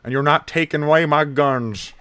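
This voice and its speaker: Man doing a pompous Southern US knight, proud drawl, loud and slow. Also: fairly high pitch, clean tone, no echo, pitched above the performer's own voice, close to an everyday voice. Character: boastful adult male knight, proud and pompous.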